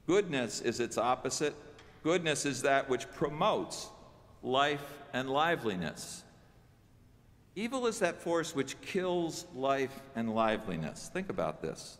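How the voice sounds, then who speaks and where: A man's voice: medium pitch, very animated, unhurried. A male pastor giving a sermon in a conversational way, turning to the congregation with asides. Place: church sanctuary. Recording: long church reverb.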